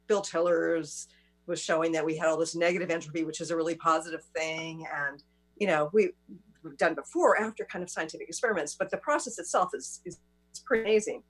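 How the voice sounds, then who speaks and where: A woman's voice: sits low, fairly quick, soft background music. A woman hosting an interview, chatting casually and affirming her guest often. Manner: warm listener, frequent affirmations. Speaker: host.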